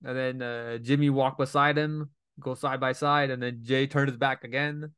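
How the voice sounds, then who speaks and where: A man's voice: mid-range voice, fairly even intonation, normal speed, a bit bright, clear, resonant tone, no room sound, clean studio sound. A man giving a casual, rambling recap of a wrestling show, retelling each scene with paraphrased quotes and lots of fillers.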